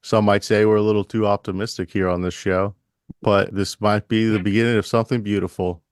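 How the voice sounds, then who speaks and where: A man co-hosting a podcast, chatting casually and riffing in a deadpan mock-announcer manner. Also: on the low side, a little fast, clean tone, dry recording, studio quality. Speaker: podcast co-host.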